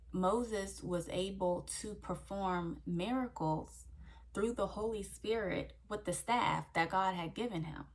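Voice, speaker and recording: A woman's voice: on the low side, gravelly. A young woman hosting her faith channel, giving an earnest devotional teaching that repeats key phrases and checks in with "okay?". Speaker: faith coach and channel host.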